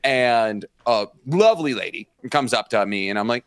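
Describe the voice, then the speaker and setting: A man co-hosting a casual podcast, telling stories with lively quoted voices and crude jokes. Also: moderate pace, clear, resonant tone, dry recording, studio quality. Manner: animated storytelling, acts out quotes in high voices. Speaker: podcast co-host.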